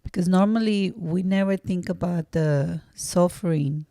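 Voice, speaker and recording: Deep-voiced, sincere prayerful woman. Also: dark tone, no echo, studio quality. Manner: sincere, prayerful, slightly halting. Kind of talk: heartfelt encouragement.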